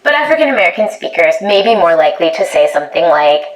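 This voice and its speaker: A woman researcher explaining her findings in a measured, precise way. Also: lowish voice, big pitch swings. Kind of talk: explanatory narration. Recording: roomy echo.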